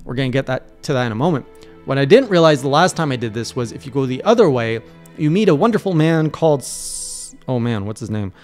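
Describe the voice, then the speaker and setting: Animated young man telling a story. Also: mid-range voice, brisk, soft background music. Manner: animated storytelling, acting out his own panicked reactions. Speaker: streamer recapping his playthrough. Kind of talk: casual video journal.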